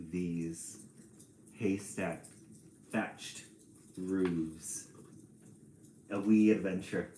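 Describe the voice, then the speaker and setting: A man reading a children's storybook on a live stream and chatting with viewers in a relaxed, chatty way. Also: sits low, echoey room, a little hiss or hum, rough recording. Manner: slow, relaxed, chatty with small laughs.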